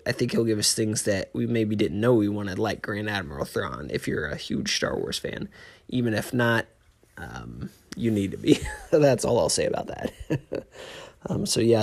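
A man hosting a casual solo podcast, talking in a rambling, excitable way with frequent restarts. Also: mid-range voice, creaky. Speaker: podcast host.

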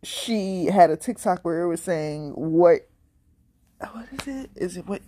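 A woman's voice: lowish voice, big pitch swings, unhurried, mellow. A young adult woman hosting her own podcast, talking in a candid, rambling way with plenty of swearing. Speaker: podcast host. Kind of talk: casual solo podcast monologue.

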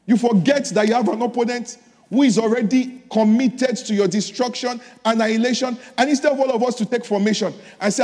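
A man's voice: very high voice, fairly quick, darkish tone, long reverb tail. A man preaching a sermon, telling a story and exhorting his listeners with repeated phrases.

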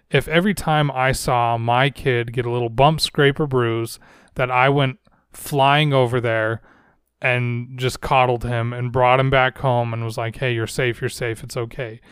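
Earnest young man, smooth dry voice. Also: mid-range voice, steady tone, unhurried, dry recording. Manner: earnest, searching, soft-spoken. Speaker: podcast host. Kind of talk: solo reflective podcast talk. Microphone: close microphone.

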